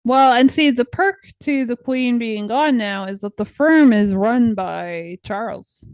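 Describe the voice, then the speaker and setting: A woman's voice: on the high side, measured pace, darkish tone, smooth, no echo. A young woman co-hosting a podcast, chatting casually and filling her talk with "like" and "right?". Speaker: podcast co-host; teacher. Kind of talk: casual chat.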